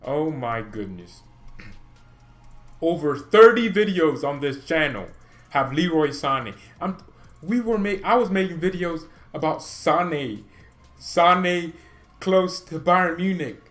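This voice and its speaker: Excitable rambling man chatting about football. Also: on the high side, takes it slowly. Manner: rambling, excitable, often laughing at himself. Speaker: channel host. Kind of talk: casual livestream chat about football.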